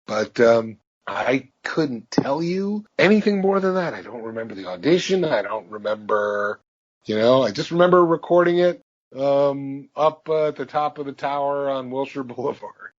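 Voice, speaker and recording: Male voice actor as interview guest, easygoing anecdotes, mid-range pitch, muffled lo-fi sound. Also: normal speed. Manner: relaxed anecdotal delivery. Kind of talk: interview answers, storytelling. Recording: dull lo-fi audio.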